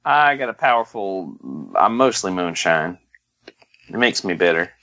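A man co-hosting a podcast in casual chat, deadpan and jokey, sometimes drifting into a put-on drawl. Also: sits low, measured pace, highs cut off. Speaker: podcast co-host.

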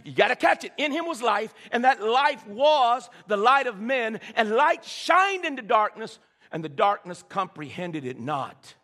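Male pastor, high, sharp, animated preaching voice, stammering repeats, recorded in a church with a long echo. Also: measured pace. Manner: preaching with frequent stammered repeats and call-and-response. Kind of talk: sermon. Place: church sanctuary. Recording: reverberant church hall.

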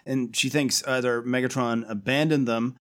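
A man recapping a cartoon with his co-host in easy, casual talk. His pitch stays ordinary and middle, and he chuckles through the story, dropping into quick impressions of the characters. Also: fairly even intonation. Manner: laughs often, mimics characters' lines. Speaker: podcast co-host.

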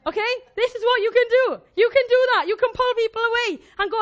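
A woman preaches to her congregation in a lively, jokey way, acting out her points with props and volunteers. Her voice sits very high, bright and animated throughout. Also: fast, hardly any pauses. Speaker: church speaker. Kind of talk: informal sermon with live demonstration.

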